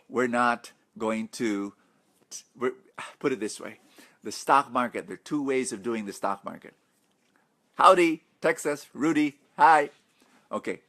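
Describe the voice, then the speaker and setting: A middle-aged man, a preacher hosting a live financial webinar, excitable and chatty, greeting viewers by name between points. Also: mid-range voice. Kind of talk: live-streamed webinar talk.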